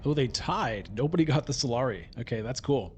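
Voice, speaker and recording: A man's voice: mid-range voice, lively intonation, a little fast, a little mellow, slightly rough. A man thinking aloud while giving casual gameplay commentary on a digital board game. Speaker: gameplay streamer.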